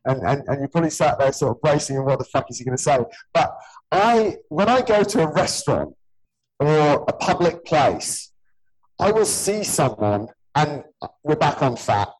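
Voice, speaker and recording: A gym owner and personal trainer in his early forties hosts a casual podcast chat, speaking bluntly and earnestly. His slightly high voice swings widely in pitch at a normal speed, with a breathy edge, on a low-quality recording. He swears freely and keeps calling the other man "mate".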